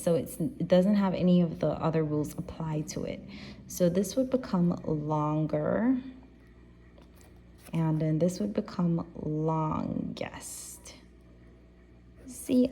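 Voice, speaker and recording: Patient woman teacher, dark voice. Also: fairly low pitch, vocal fry. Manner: patient, explains step by step with repetition. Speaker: primary school teacher. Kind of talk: classroom grammar lesson.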